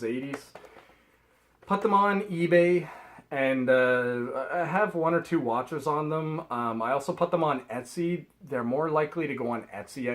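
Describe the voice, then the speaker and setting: A man's voice: mid-range voice, poor audio. Canadian guy rambling through his thrift haul, chatty, laughs at his own jokes. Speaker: reseller vlogger. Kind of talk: casual haul vlog.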